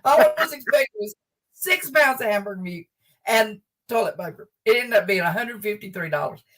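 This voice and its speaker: An older woman, a guest humorist, telling a funny story from home in a lively, laughing way. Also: a little high, brisk, distant mic. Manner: animated, laughs as she tells the story. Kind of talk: comic storytelling.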